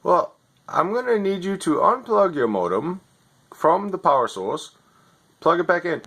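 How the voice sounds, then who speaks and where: A man's voice: high-pitched, sing-song, a little slow, fairly bright tone, slightly rough, voice pushed up, exaggerated voice. A man voicing a clueless male tech support agent who reads polite, repetitive lines from a script.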